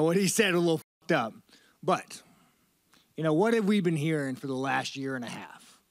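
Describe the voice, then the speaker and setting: Profane rambling fighter, bro-ish. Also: male voice, a little high, dry recording, clean studio sound. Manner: profane, rambling and loose, often calling people dude. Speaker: fighter at a media interview. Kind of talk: casual media-day interview.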